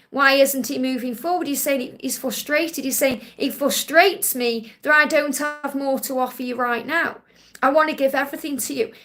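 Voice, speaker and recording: High-voiced soothing woman giving readings. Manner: gentle and reassuring, ends points with a soft "okay?"; relays messages in first person with emphatic repetition. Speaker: psychic card reader hosting a live Q&A. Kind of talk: live stream reading.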